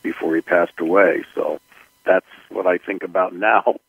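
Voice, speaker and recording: Gravelly older male film director. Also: sits low, steady tone, dry recording, phone-quality sound. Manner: gravelly, unhurried storytelling with fillers. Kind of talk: interview recollections.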